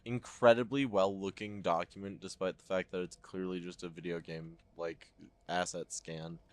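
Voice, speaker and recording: A man's voice: low voice, fairly even intonation, normal speed. A man giving casual, joking and profane commentary as he plays a horror game, talking to his viewers. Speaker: let's play host.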